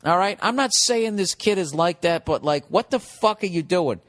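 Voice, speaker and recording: A man's voice: sits high, expressive, moderate pace. 40s american guy ranting on his podcast, swears a lot, riffs all over, kinda echoey. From United States. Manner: profane, rambling and riffing. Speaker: podcast host. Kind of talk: comedic podcast monologue.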